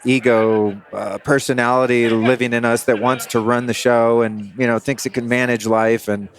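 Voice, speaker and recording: A man's voice: mid-range voice, flat delivery, moderate pace. A man hosting a podcast, musing aloud in casual conversation and searching for his words. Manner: musing, searching for words, laughs between thoughts. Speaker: podcast host.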